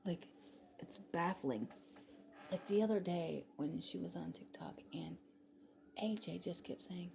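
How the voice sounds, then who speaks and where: A woman's voice: fairly low pitch, unhurried, gravelly, pauses often, mellow, slight background noise. A woman vlogger talking in a rambling, heated casual monologue, full of fillers and swearing.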